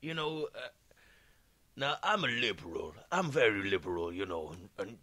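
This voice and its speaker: A man's voice: on the low side, very animated, moderate pace, bright, forceful tone. A man on a comedy podcast, talking mock-earnestly and hedging everything with "you know". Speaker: podcast co-host. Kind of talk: comic podcast chat.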